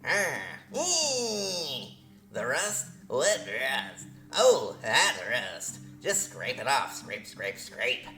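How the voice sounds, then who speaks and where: A man voicing a small goblin creature, muttering in a drawn-out way. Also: mid-range voice, huge pitch swings, sharp tone, reverberant, soft background music, heavily acted.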